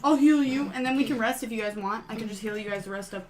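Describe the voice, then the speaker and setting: A bubbly woman with a high voice chats casually as the party's healer in a tabletop game. She giggles easily, and voices can be heard chattering behind her. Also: quick pace, far from the mic, crowd noise.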